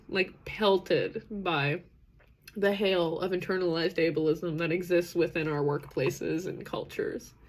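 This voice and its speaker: A woman in her thirties hosting a live self-acceptance session. She talks chattily, reads out chat comments, laughs often and rambles through restarts. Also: on the low side. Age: 30s. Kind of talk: casual live-stream talk, reading chat comments.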